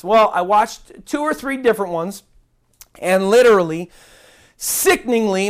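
Indignant woman giving a Bible teaching. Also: mid-range voice. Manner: indignant, emphatic, repeats words for stress. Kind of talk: earnest online Bible teaching.

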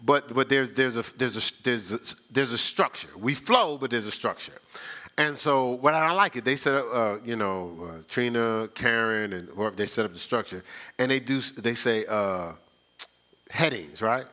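A man's voice: medium pitch, moderate pace, sharp tone. A man preaching a conversational sermon, telling stories in a folksy, chatty way and often repeating himself. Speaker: pastor. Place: church sanctuary.

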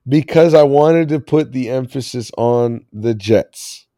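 A man hosts a casual sports podcast with a mellow, warm voice. He rambles loosely and laughs often. The sound is dry and close. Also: medium pitch, slow, dry recording. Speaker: podcast host.

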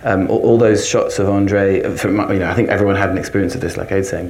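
A man, an actor on a panel, telling an animated story and acting out quotes. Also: low-pitched. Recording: roomy echo.

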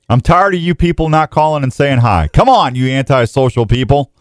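Animated joking radio host man. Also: fairly high pitch, fairly quick, hardly any pauses, no echo, studio quality. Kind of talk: casual radio talk.

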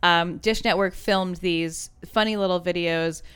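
Casual podcast co-host, a woman, chatty, full of fillers, clean and clear, lowish. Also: fairly even intonation, a little slow, a bit bright. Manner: chatty, many fillers and restarts. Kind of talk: casual chat about ads.

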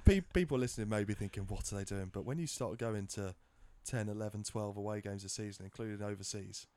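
Teasing podcast host. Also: male voice, lowish voice, quick pace, mellow. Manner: jokey, teasing banter. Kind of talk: casual chat.

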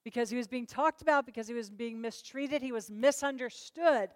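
A woman's voice: a little high, fairly quick, dry recording. A woman leading a Bible study class, questioning her students and urging them to answer.

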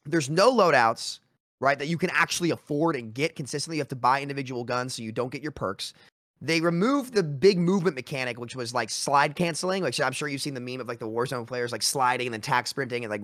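A man rants animatedly on a casual gaming podcast, voice sitting a touch high. He leans on fillers and restarts as he goes. The sound is dry and close. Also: no echo. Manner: animated, ranting, lots of fillers.

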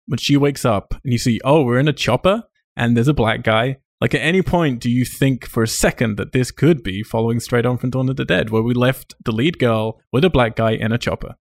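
A man's voice: mid-range voice, fairly quick, gravelly, hardly any pauses, dry recording. A man hosting a casual film discussion, chatty and self-deprecating, laughing often as he talks. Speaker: podcast host.

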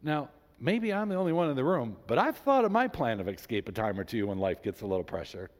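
A man preaching a sermon as a pastor, reading scripture aloud with emphasis and animated delivery. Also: medium pitch, fast talker. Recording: long reverb in a large hall.

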